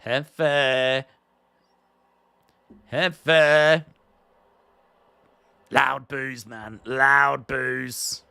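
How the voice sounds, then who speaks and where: A man, reacting live to a wrestling show and swinging from quiet mutters to excited shouts. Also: mid-range voice, drawn-out words, gravelly, long pauses, smooth, dry recording. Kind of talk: live watch-along commentary.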